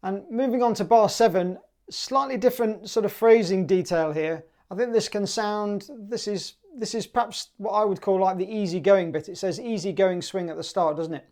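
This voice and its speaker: A man with a British accent teaching a clarinet piece in a relaxed, chatty way, sometimes singing the rhythms in syllables. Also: high-pitched, moderate pace, hardly any pauses. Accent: British English. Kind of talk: relaxed music tutorial.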